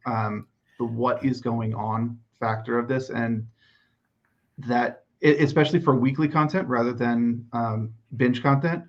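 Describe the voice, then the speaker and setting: A man co-hosting a podcast, speaking in a measured, knowledgeable, dry way. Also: mid-range voice. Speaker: podcast co-host. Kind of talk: casual chat. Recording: muffled lo-fi mic.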